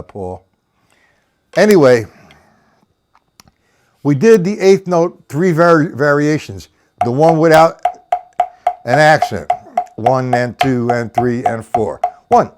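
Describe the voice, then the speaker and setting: A man's voice: a little high, animated, takes it slowly, pauses often, noisy background. An older man giving a casual, rambling live-streamed drum lesson, counting beats aloud as he explains technique. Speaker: drum teacher.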